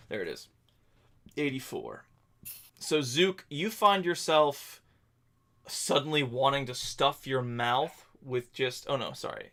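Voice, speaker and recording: A man narrating a tabletop game as game master, telling the scene in a halting, descriptive way. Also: medium pitch, very animated, a bit bright.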